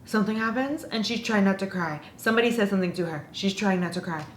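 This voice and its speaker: A woman's voice: medium pitch, fast. A woman casually ranting in a book review, sarcastic and exasperated. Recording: roomy echo with faint noise.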